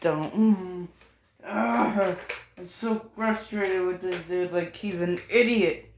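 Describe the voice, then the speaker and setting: A woman rambles through a story at an unhurried pace, in a voice that sits a little low. She keeps apologizing, loses her thread, and swears offhandedly. The sound is roomy and echoey. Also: slight background noise. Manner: distracted, apologetic, swears casually. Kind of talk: rambling casual narration. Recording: roomy echo.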